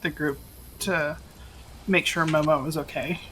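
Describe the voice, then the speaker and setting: Lower-voiced woman player, hesitant. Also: steady tone, unhurried, a bit bright, a little hiss or hum, rough recording. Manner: hesitant, thinking aloud. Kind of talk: tabletop game chat.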